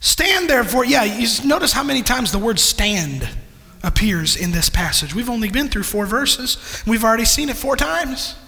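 A man preaching a sermon as pastor, animated, with sudden loud bursts and quick asides. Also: very high voice, creaky, long reverb tail.

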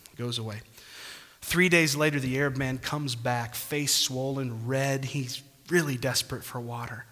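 A man's voice: mid-range voice, fairly even intonation, normal speed, sharp tone. A man pastor preaching a sermon emphatically, punctuating points with calls of amen, in a church hall. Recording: long church reverb.

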